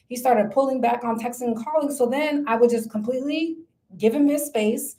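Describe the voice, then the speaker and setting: A woman's voice: fairly high pitch, dark tone, rough recording. A young woman vlogger giving casual dating advice in a sassy, emphatic way, often calling the viewer girl.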